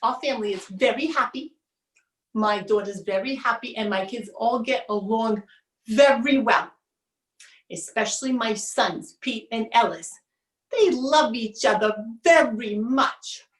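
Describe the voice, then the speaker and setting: A woman's voice: on the high side, close to an everyday voice. A woman voicing a fussy mother who talks over her daughter and brushes off every problem, on stage. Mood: dismissive. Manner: brisk, bossy, brushing things off. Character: fussy, chattering mother who won't listen. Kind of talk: solo stage performance. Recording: roomy stage sound, mic far off.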